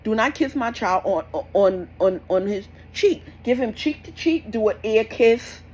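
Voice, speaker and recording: A woman's voice: fairly high pitch, animated, unhurried, darkish tone, breathy edge, rough recording. A young woman, giving blunt, repetitive parenting advice in a scolding, casual rant. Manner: blunt, scolding, repeats herself. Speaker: parenting vlogger.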